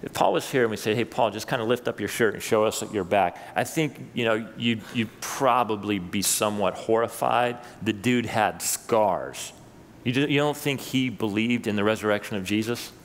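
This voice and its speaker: A man, a pastor, preaching a sermon with lively rises when he reads scripture and chatty asides to his listeners. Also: fairly low pitch, normal speed, long reverb tail, a little hiss or hum. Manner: animated preaching, voice rising for quoted scripture; conversational asides to the congregation. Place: church sanctuary.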